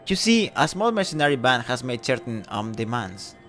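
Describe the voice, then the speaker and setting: A man voicing a flustered woman village mayor who sounds fretful, prim and high-strung. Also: very animated, moderate pace, fairly bright tone, faint music behind.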